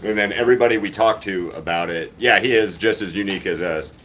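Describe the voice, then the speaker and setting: Guy with a really low voice rambling on a phone stream outside, lots of noise behind him. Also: fast, a bit bright. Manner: rambling, chatty, with many restarts. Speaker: artist hosting a livestream. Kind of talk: casual livestream chat. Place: outdoors on grass walking a dog.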